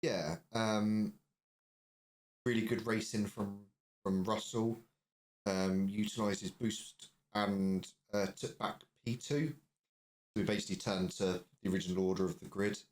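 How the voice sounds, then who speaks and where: A man's voice: lowish voice, steady tone, unhurried, a little mellow. A man co-hosting a podcast, recounting race events in a brief, matter-of-fact way. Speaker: podcast co-host. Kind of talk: casual race recap chat.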